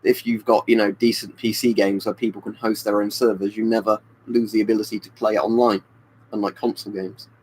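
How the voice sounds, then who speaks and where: A man's voice: on the low side, little pitch movement, a little fast, darkish tone, slight background noise, low-quality recording. A man chatting casually on a webcam live stream, rambling and answering viewers by name. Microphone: webcam stream mic.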